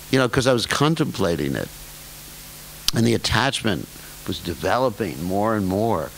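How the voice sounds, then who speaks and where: Older man lecturing, lively pitch. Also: vocal fry, poor audio. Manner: humorous, self-deprecating asides with chuckles; slows and stretches key words for emphasis. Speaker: spiritual teacher giving a scripture class. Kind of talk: scripture lecture. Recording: faint hiss in lecture recording.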